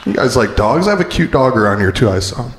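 A man doing a stand-up comedy set on a club stage, animated and quick to jump into silly high character voices. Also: noisy background. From Beaverton. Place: comedy club stage before a live audience. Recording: roomy club sound with crowd laughter.

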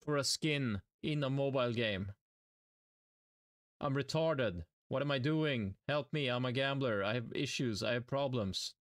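Speaking at a medium pitch and a little slowly, this young man from Sweden comments on his live gaming stream with a Swedish accent. He addresses himself and his chat with exasperated self-mockery, and the studio-quality audio has no echo.

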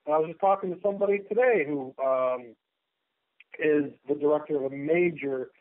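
A man's voice: on the high side, normal speed, dry recording. A man talking as a guest in a casual radio chat, rambling and joking as he tells stories. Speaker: guest artist. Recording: tinny phone line.

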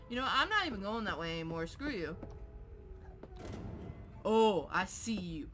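A woman playing a horror game who curses, shouts and laughs at jumpscares and taunts the monster. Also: mid-range voice, very animated, slow pace, pauses often. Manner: taunts the game character mockingly. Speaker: gameplay streamer. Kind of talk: let's play commentary. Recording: faint game music behind.

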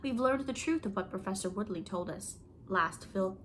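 A woman's voice: medium pitch, moderate pace, slight background noise, natural voice. A woman reading the part of a playful, dramatic young college woman who complains theatrically.

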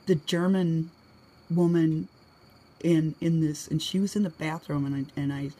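A woman's voice: steady tone, unhurried, mellow, husky. A middle-aged woman from New England telling rambling personal stories in a casual way, laughing often. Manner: chatty, laughs often, acts out quoted lines in a higher voice. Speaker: vlogger. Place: home.

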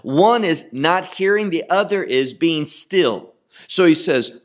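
A man teaching the Bible verse by verse, deliberate and emphatic, repeating key words for weight. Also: a little high, animated.

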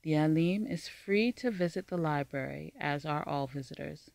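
A narrator voicing a young woman who serves as a court storyteller, speaking calmly and solemnly. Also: medium pitch, normal speed, gravelly, no echo, lightly acted. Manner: calm, solemn.

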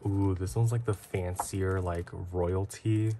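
A man narrating a casual unboxing vlog, excitable and gasping often. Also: sits low, slow, noisy background. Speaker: vlogger.

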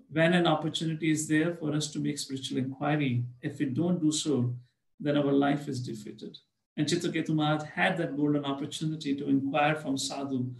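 A man's voice: a little high, gravelly. A man lecturing on scripture, telling stories and acting out the characters. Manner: storytelling, acts out characters. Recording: echoey room.

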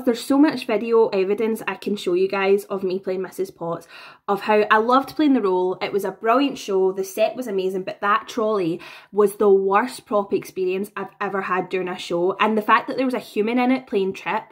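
A young woman in her twenties telling stories to her camera in a chatty, animated way, laughing between anecdotes. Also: medium pitch. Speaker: vlogger. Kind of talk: casual storytelling to camera. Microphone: own camera.

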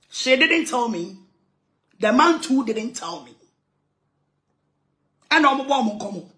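A woman's voice: a little high, lively intonation, takes it slowly, long pauses, a bit bright. A Ghanaian woman evangelist making an emphatic, aggrieved complaint, repeating her points. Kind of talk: impassioned complaint.

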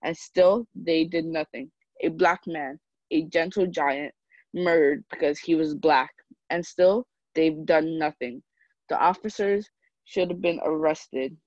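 Impassioned poetry reading, very slow pace, repeated refrain, dry dull lo-fi sound. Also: mid-range voice, no room sound. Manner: slow, repetitive refrain delivery.

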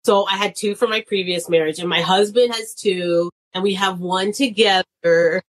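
A woman's voice: mid-range voice, normal speed. A woman in her thirties, a comedian and nurse, chatting casually as a guest, laughing often and acting out quoted voices. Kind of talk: casual chat.

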